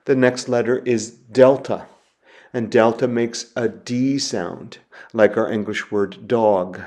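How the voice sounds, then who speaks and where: A man giving a recorded lecture, walking through letters slowly and methodically, repeating each example word. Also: mid-range voice, fairly even intonation, a little mellow. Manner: slow, methodical, spelling sounds out and repeating words. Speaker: teacher.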